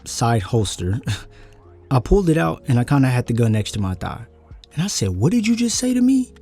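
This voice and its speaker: Man telling a heated story, dark tone. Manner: animated, voice jumps high when angry. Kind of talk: casual storytime.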